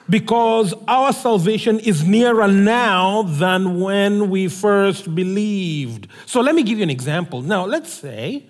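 A man's voice: high voice, long reverb tail. A man preaching a sermon, telling stories with acted-out dialogue. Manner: animated storytelling, acts out dialogue.

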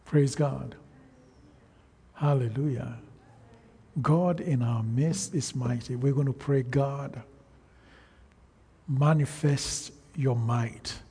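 A man preaching a sermon, slow and emphatic, calling out to the congregation for responses. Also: medium pitch, steady tone, mellow, slightly rough, long reverb tail.

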